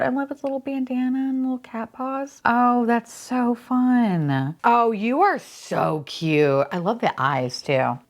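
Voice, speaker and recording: A young woman doing a casual unboxing vlog, gushing and cooing over toys, with playful swearing and swings between high squeals and low asides. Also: big pitch swings, measured pace. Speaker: unboxing vlogger.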